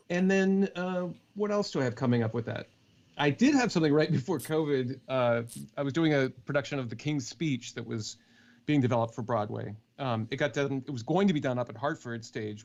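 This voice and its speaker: A man's voice: mid-range voice, normal speed, muffled recording. A man who narrates audiobooks and acts, chatting on a podcast call with plenty of fillers and restarts. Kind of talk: casual podcast interview.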